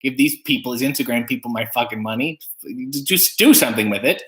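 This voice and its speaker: A man's voice: medium pitch, animated, fairly quick, a bit bright. A man hosting a casual livestream, reading chat comments aloud with playful, wry asides.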